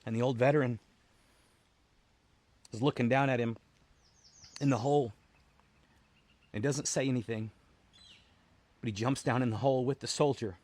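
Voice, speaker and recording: A man, a military veteran, telling a personal story in an earnest, halting way, often repeating words as he restarts. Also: mid-range voice, steady tone, darkish tone. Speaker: military veteran, founder of a veterans' support group.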